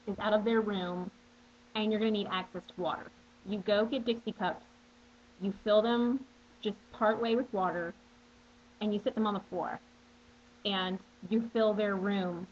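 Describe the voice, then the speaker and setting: A young woman in her twenties, with a mid-range voice, chats casually to camera while answering viewer questions. She's bubbly and playful with plenty of asides, and the dull, lo-fi webcam audio carries a little hiss or hum.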